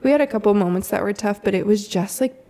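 A woman in her thirties, a mother telling a story in a relaxed, chatty way, full of "like" and soft laughs. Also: mid-range voice, quick pace. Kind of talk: casual storytelling chat.

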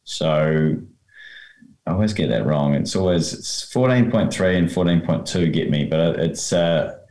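A man co-hosting a podcast in casual chat, measured and checking himself out loud. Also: sits low, expressive, roomy sound. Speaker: podcast co-host, rules expert.

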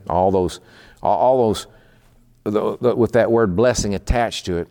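A man preaching a midweek sermon in a conversational way. He slows down to explain terms and often repeats words. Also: lowish voice, a little mellow. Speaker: pastor.

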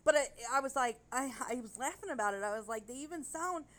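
A woman's voice: high-pitched, expressive, quick pace, fairly bright tone. A woman co-hosting a casual podcast chat, rambling and gushing, with casual swearing. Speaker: podcast co-host.

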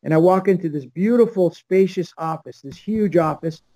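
An older man from Los Angeles, appearing as a podcast guest, tells a long story and acts out the people in it. His voice sits high and warm at a normal speed, in a rough recording without echo.

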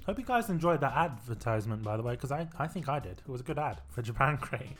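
A man co-hosting a casual podcast, bantering in a relaxed, offhand way. His pitch sits in a middle range. Faint music plays in the background. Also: fast talker. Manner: upbeat sponsor read, then laid-back banter. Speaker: podcast co-host.

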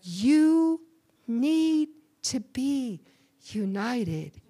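A woman's voice: sits high, big pitch swings, very slow, warm tone. A woman preaching a sermon in church, calling on the congregation to answer back. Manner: call-and-response preaching to a congregation.

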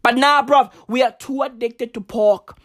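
A comedian delivering a rant full of street slang and swearing, often jumping up into shouts. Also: medium pitch, measured pace, no echo, studio quality. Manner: slang-heavy, profane, animated swings into shouting.

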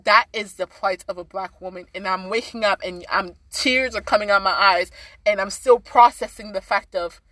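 Woman, casual podcast guest, impassioned, bright tone, dry sound. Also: medium pitch, normal speed, dry recording. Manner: earnest, impassioned, many fillers.

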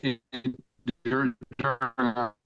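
A man's voice: medium pitch, little pitch movement, measured pace, a bit bright. Older man telling a profane story. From United States. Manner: profane, rambling storyteller who laughs mid-story. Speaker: podcast guest. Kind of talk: casual storytelling. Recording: dull lo-fi dry sound.

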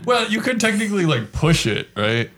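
A man's voice: high-pitched, sing-song, normal speed, fairly bright tone. A man in a casual podcast chat, playful and laughing as he talks. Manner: playful, laughs while talking.

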